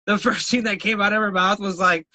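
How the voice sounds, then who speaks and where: A man's voice: sits high, a little fast, no room sound, rough recording. A man co-hosting a podcast, telling wild stories in casual chat, swearing and laughing often. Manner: animated storyteller, swears a lot, laughs often. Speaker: podcast co-host.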